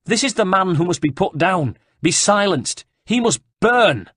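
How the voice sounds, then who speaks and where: A man voicing a fanatical male herald who preaches and declaims with fiery zeal, in a dry, husky recording. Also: a little high, moderate pace, no room sound, pitched above the performer's own voice, natural voice. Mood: frenzied.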